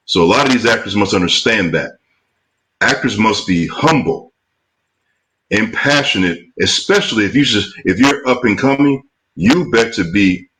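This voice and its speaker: A man's voice: on the low side, pushed and bright, slight background noise, rough recording. A man hosting a casual chat as a film producer, blunt and emphatic, on a video call. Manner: blunt, emphatic, drawn-out asides.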